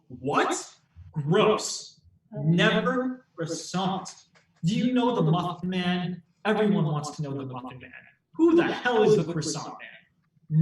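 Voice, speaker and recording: A man doing improv comedy as a mock lawyer, making a theatrical, persuasive closing argument. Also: high-pitched. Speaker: improv performer arguing for muffins. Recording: echoey room, far from mic.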